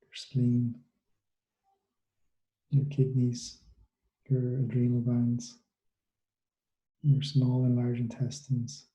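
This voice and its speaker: A man guides a relaxation meditation in a very dark, mellow voice that barely rises or falls. He gives soft instructions slowly, with long pauses between them, and the room sounds echoey. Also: medium pitch, monotone. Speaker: mindfulness coach for students.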